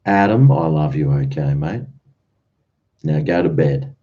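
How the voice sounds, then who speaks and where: A man's voice: extremely low pitch, lively intonation, unhurried, warm tone. An Australian man hosting a late-night livestream, rambling in an easygoing way and chuckling between thoughts, on dull lo-fi stream audio. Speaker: livestream host.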